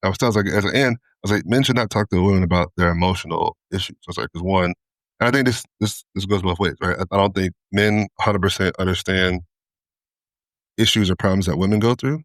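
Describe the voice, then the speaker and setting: A man co-hosting a podcast, telling stories in a casual, animated way, acting out the people he quotes, swearing and laughing often. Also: deep voice, fast, no room sound. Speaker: podcast co-host. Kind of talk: casual chat.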